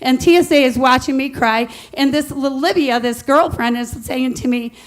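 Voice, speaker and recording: Her voice high-pitched and her pace moderate, a middle-aged woman recounts a personal story before an audience. She's lively, laughs along the way, and acts out what others said.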